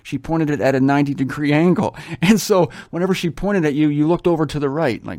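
An older man from Ohio, USA reads scripture aloud, then breaks off into enthusiastic, rambling commentary and stories, exclaiming often. His voice is fairly high and darkish, a little fast, recorded at studio quality with no echo.

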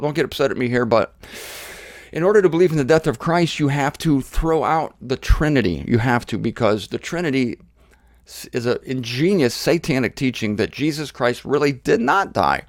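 A middle-aged man preaching an informal sermon series, conversational and animated, mimicking his critics. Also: on the high side, normal speed, dry recording, studio quality.

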